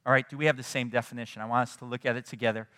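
A man preaching a sermon in a conversational, animated way, often checking in with his listeners. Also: mid-range voice, racing, clean tone, long reverb tail. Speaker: pastor.

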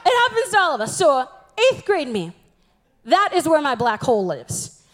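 A woman's voice: sits high, wildly swooping pitch, moderate pace, fairly bright tone. A young woman giving a humorous church talk, telling stories about herself in a chatty, self-mocking way. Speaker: youth speaker.

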